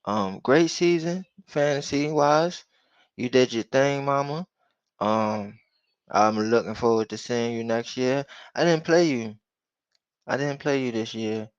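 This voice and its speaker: A man's voice: medium pitch, measured pace, smooth, dry recording, highs cut off. A man hosting a casual sports talk show, laid-back and drawling with lots of fillers. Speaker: host.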